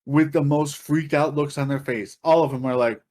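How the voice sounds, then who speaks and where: A man's voice: a little high, steady tone, normal speed, darkish tone. A man on a podcast telling a long story in a casual, profane, laughing way. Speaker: podcast co-host.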